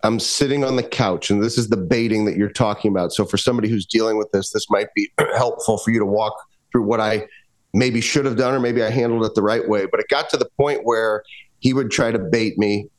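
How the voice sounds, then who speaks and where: A man's voice: on the low side, brisk. A man who is a guest on a podcast interview, telling a personal story in an earnest, emphatic way and often restarting his sentences. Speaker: guest, performance coach.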